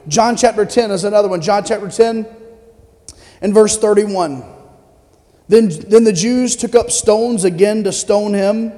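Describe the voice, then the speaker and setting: A pastor delivers a sermon in a fairly high, mellow male voice, keeping it conversational and asking his congregation questions along the way. His words ring out with a long reverb, as in a church sanctuary. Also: steady tone, unhurried. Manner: conversational preaching with audience questions.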